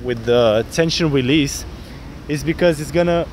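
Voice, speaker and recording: A man with a fairly high voice coaches outdoors on a city street. He explains his approach with energy and slips into acted snippets of his pickup lines. Faint traffic hums behind him. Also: moderate pace. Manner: animated, acts out pickup lines in different voices. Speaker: dating coach.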